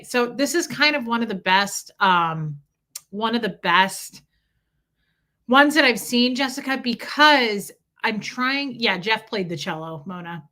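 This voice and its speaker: Bright, animated woman host chatting. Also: medium pitch. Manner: animated storytelling, laughing, reading out chat. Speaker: livestream host. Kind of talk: casual chat with a live audience.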